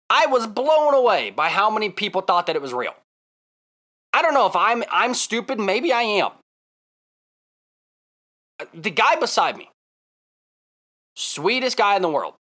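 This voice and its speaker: A man vlogging casually, telling a story in an excitable, emphatic way and repeating himself for effect. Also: sits high.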